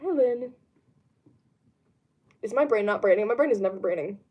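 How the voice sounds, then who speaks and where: A woman's voice: medium pitch, lively intonation, moderate pace, muffled recording. Chatty young woman streaming from home. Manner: rambling, lots of ums, laughs easily. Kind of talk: casual chat answering live chat. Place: home room.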